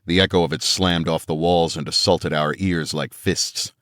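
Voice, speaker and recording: In a tense, dramatic manner, a narrator reads a first-person action audiobook from a script. His low voice is clean and fairly bright, with fairly even intonation and a moderate pace, captured in a dry, studio-quality recording.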